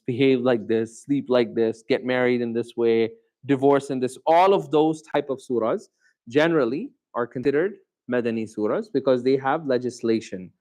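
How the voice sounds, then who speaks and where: A male teacher giving a Quran lesson in a classroom, questioning his students and repeating terms slowly. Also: mid-range voice, a little mellow, rough recording. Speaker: Islamic teacher.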